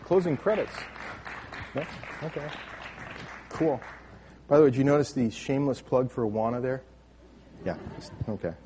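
A man preaching a sermon in a relaxed, conversational way, with restarts as he talks. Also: mid-range voice, moderate pace, long pauses, a faint crowd, a little hiss or hum. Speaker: pastor.

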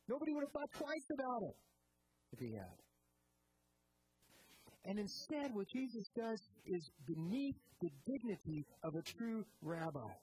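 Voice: mid-range voice, darkish tone, poor audio. Earnest preacher giving an expository sermon. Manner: earnest, asks rhetorical questions.

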